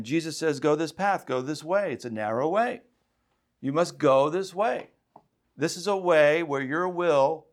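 Male pastor, sermon, higher voice, impassioned, acts out quotes. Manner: impassioned, rising to emphatic calls.

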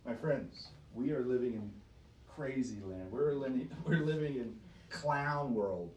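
A man's voice: medium pitch, measured pace, darkish tone, slight background noise. A man preaching to a small group, emphatic and fond of rhetorical questions, often repeating himself. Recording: roomy sound from a distance.

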